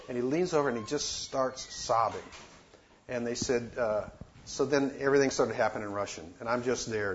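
A man telling a personal missionary story in a casual, halting way, with many fillers and restarts. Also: mid-range voice. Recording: dull lo-fi recording with faint noise.

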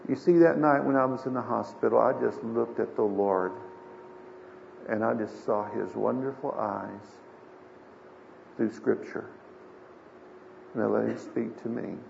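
Gravelly older pastor preaching. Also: male voice, medium pitch, a little slow, long pauses, darkish tone. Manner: folksy storytelling with emphatic swells. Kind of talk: sermon. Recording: dull lo-fi sermon recording with faint hiss.

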